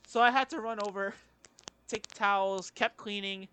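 High-voiced young guy podcast co-host. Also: fairly even intonation, moderate pace, pushed and bright, clear, resonant tone. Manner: rambling storyteller, swears casually. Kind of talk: casual chat.

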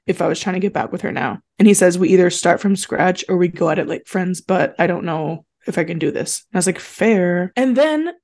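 This young woman's lowish voice moves a little fast, rarely pausing, as she co-hosts a casual reality show recap podcast. Chatty and giggly, she relays people's lines in a flat deadpan and laughs often.

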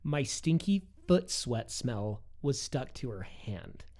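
A man chatting casually as a podcast co-host, in a relaxed, mellow voice. His pitch rises and falls a lot as he tells stories. He is jokey and wry, happy to poke fun at himself. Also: slow. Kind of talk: casual chat.

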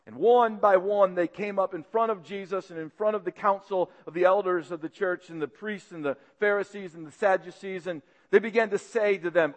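A man preaching, retelling a story vividly and swinging between loud and hushed passages. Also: sits high, fairly quick, few pauses, long reverb tail. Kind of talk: dramatic sermon storytelling.

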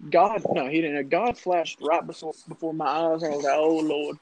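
A man's voice: on the high side, moderate pace. A young man telling a rambling, profane story to friends in casual chat. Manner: profane, rambling, animated anecdote. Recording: noisy casual recording.

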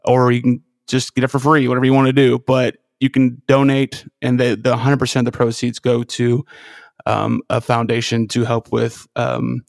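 Man, podcast co-host, earnest, halting, restarts sentences, dry close sound. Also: medium pitch, completely flat delivery, gravelly, no echo. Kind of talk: casual chat.

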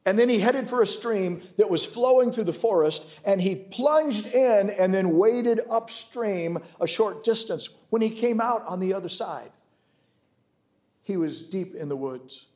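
Male pastor, high voice, emphatic sermon delivery that drops to hushed storytelling. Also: lively intonation, a little slow. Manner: emphatic preaching, swinging from loud declarations to hushed, intimate storytelling.

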